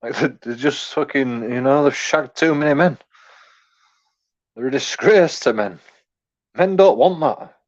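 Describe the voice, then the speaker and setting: A man's voice: medium pitch, unhurried, pauses often, muffled recording. Rambling, crude man in his forties. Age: 40s. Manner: rambling, crude, profanity-heavy. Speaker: commentator. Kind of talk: casual reaction rant.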